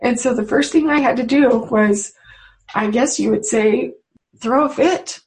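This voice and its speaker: A woman with a somewhat high voice gives a personal spiritual talk to a webinar audience. She speaks as a mother, earnest and confiding, leaving unhurried pauses between her thoughts. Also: a little mellow, rough recording. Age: adult mother. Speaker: webinar presenter.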